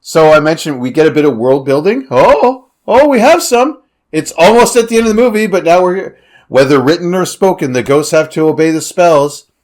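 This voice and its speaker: A man's voice: a little high, expressive, brisk, darkish tone. A man from Canada co-hosting a movie podcast, chatting casually with jokey sarcastic asides. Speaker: podcast co-host. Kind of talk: casual movie review chat.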